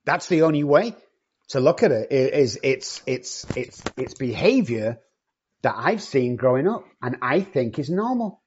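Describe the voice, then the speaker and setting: A cocky, loud-mouthed man who swears freely and doesn't soften anything. His voice is husky, and the recording is a little dull and lo-fi. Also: medium pitch, sing-song, measured pace. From not from England. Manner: profane, cocky and confrontational. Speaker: addiction treatment company owner. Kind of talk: blunt podcast conversation.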